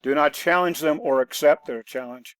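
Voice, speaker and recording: A man's voice: fairly high pitch, moderate pace, clear, resonant tone, dry recording. A man guest on a podcast, telling self-defense stories in a blunt, matter-of-fact way. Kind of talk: conversational podcast storytelling.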